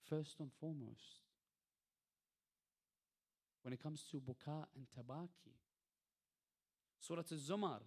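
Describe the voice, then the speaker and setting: A man delivers a religious lecture to a gathered audience. His voice sits slightly high for a man. He often poses rhetorical questions and moves between hushed, soft passages and loud, emphatic peaks. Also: slow, vocal fry, pauses often, breathy edge. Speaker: lecturer at an Islamic centre.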